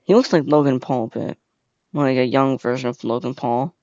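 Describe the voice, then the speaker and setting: A man's voice: medium pitch, steady tone, moderate pace, a little mellow, no room sound, faint music behind. A young man hosting a casual reaction video, rambling with lots of fillers and slang. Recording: dull, lo-fi, dry sound.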